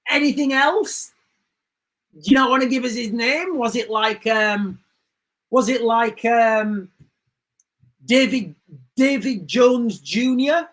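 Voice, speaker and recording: A woman hosts a livestream, giving casual commentary in an indignant, rambling way and often repeating herself. Her voice is on the high side and she speaks slowly with long pauses. The recording is rough.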